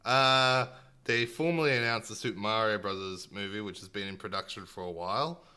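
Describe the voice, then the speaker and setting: A man co-hosting a relaxed gaming chat, wry and teasing. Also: lowish voice, fairly quick, clean tone. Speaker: podcast co-host. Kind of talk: casual chat.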